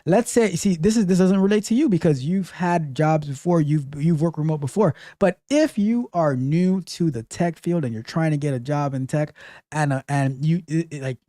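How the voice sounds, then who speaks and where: A man hosting a casual call-in tech advice show, talking in an animated, emphatic way and often repeating himself. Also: a little high, moderate pace, no echo, clean studio sound. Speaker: host.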